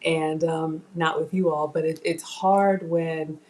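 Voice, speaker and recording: A woman hosting a cooking livestream, emotional and close to tears, speaking in a halting, heartfelt way. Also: low-pitched, steady tone, darkish tone. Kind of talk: casual live-stream chat.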